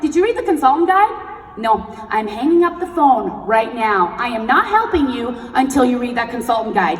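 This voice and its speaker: A young woman giving a blunt, energetic motivational talk on stage and leading the crowd in chanted affirmations, heard in a large event hall. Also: sits high. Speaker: sales team leader and motivational speaker. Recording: echoey hall recorded from far off.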